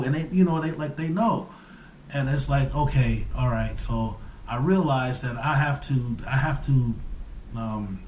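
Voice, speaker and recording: A man's voice: medium pitch, darkish tone, roomy sound, a little hiss or hum. A man in his forties speaking earnestly in a reflective casual monologue, often repeating words as he searches for the right phrasing. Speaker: vlogger formerly incarcerated, working with parolees.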